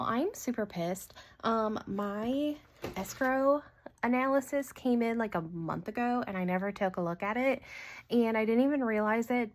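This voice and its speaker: A woman hosting a casual budgeting vlog, talking in a chatty, animated way with many ums and quick laughs. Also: fairly high pitch. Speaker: budgeting channel host. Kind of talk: casual cash-stuffing vlog.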